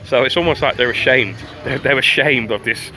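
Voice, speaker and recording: A man's voice: medium pitch, a little fast, sharp tone. A man livestreaming a rambling, profane commentary while walking outdoors on a town street. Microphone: phone livestream.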